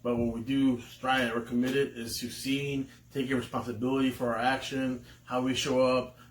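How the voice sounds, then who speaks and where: A man's voice: mid-range voice, level tone, moderate pace. A man co-hosting a podcast in casual chat, telling candid stories with laughter and swearing. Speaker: podcast co-host. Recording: roomy room with faint noise.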